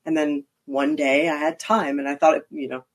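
A middle-aged woman from Philadelphia, chatting as an interview guest with quick, self-mocking asides. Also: low voice, level tone. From Philadelphia area, US. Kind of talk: casual interview chat.

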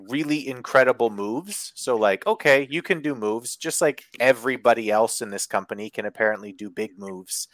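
A man's voice: on the high side, fairly bright tone, no room sound. A man hosting a casual wrestling chat, wry and sarcastic, rambling a bit as he talks. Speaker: podcast host.

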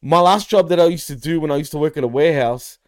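A podcast co-host from Greece chats casually on the show, talking loosely and peppering his speech with slang fillers like "bro" and "like." His voice is fairly high, fast, and smooth, captured in a dry, clean studio recording.

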